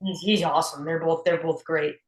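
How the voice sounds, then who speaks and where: A teenage American boy, a young blues guitarist, is a laid-back guest in a casual interview chat. He talks in a relaxed, chatty way with repeated restarts, his voice on the high side and fairly quick. The room is echoey.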